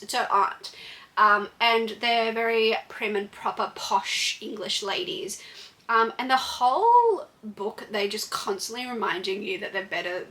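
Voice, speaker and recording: A woman's voice: fairly high pitch, sharp tone. A woman giving a blunt, chatty book review with frequent fillers and restarts. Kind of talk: casual book review vlog.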